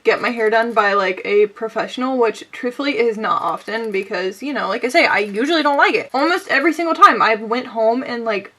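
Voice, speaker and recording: A woman's voice: fairly high pitch, a little fast, few pauses, sharp tone. A young woman chatting through a makeup tutorial, rambling and self-mocking as she talks to her viewers. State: sweaty and out of breath. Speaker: beauty vlogger.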